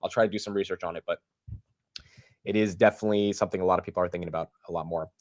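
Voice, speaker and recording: A man's voice: deep voice, fairly even intonation, racing, darkish tone. Chatty young man hosting a live stream. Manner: loose and chatty, greets viewers by name, says "dude" and "like" often. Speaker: host of a live stock market show. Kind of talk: casual livestream chat.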